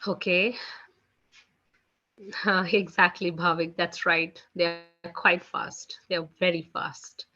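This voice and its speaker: A woman's voice: lowish voice, little pitch movement, takes it slowly, pauses often, bright, forceful tone, dull audio, faint music behind. A woman teaching French in a live online class, chatty, leaning on "you know" and "guys". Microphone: video call.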